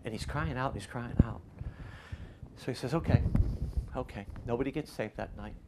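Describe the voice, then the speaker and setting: A man's voice: medium pitch, moderate pace, heavy background noise. An older man preaching in a conversational way, telling stories and giving lessons with rising emphasis. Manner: storytelling with rising emphasis and quoted voices. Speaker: pastor. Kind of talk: preaching, conversational sermon talk.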